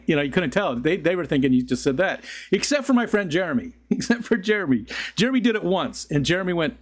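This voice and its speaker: Streamer, middle-aged man, rambly and laughing, fairly high, bouncy voice. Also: sing-song, fast talker. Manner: rambling, chuckling, talks to chat. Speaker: livestream host. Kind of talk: casual live-stream chat.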